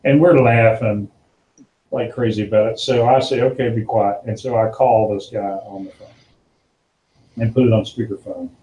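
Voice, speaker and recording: A man hosting a podcast tells an animated story in a mellow, relaxed voice. He acts out the people in it with lively shifts in tone. The recording has a roomy echo. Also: moderate pace, pauses often. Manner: animated storyteller, acts out quotes in a higher voice, laughs often. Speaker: podcast host. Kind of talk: casual storytelling chat.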